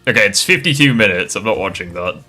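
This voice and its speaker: A man's voice: fairly low pitch, expressive, fast talker, pushed and bright, soft background music. A man hosting a casual reaction chat, rambling, laughing and swearing often. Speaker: streamer host.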